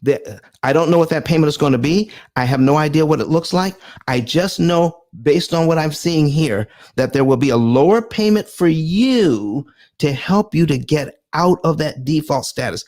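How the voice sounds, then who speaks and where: A middle-aged man hosting a livestream, reading documents aloud and answering viewers' comments with an animated, preacher-like call and response. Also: on the high side, moderate pace. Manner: reads documents aloud, then explains. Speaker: livestream host.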